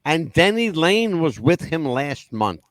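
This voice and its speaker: A man hosting a casual talk-radio show, talking in a fairly high voice that swings widely up and down. His patter is crude and profane, full of animated storytelling. The sound is dry and close. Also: unhurried, dry recording. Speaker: radio host.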